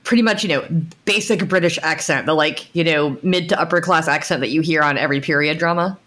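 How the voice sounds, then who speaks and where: A woman's voice: low voice, fast talker, fairly bright tone. An American woman co-hosting a podcast, chatting casually with frequent restarts and laughs. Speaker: podcast co-host, game designer. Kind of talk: casual chat.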